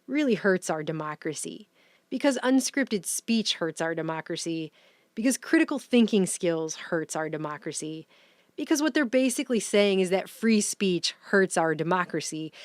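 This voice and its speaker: A woman's voice: mid-range voice, no room sound. A woman giving opinion commentary in a sarcastic, indignant way, picking up speed when she gets worked up.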